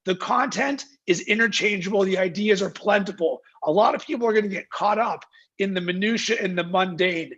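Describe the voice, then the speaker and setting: Over a video call, a marketing agency founder speaks as an interview guest, his high voice a little fast, a bit bright and slightly rough, the recording muffled. He talks emphatically and energetically, firing rhetorical questions and acting out what clients say.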